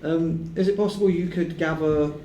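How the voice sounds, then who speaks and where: Mellow-voiced man at a tabletop game. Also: on the high side, steady tone, slight background noise. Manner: chatty, quick restarts. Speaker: player. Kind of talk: casual tabletop play. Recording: roomy room.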